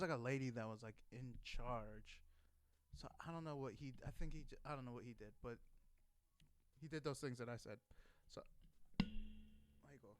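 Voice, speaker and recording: Young guy rambling thru a story, lots of swearing, smooth clear voice, dry close mic. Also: medium pitch, no echo. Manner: rambling, profane, frequent restarts and laughs. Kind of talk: casual anecdote.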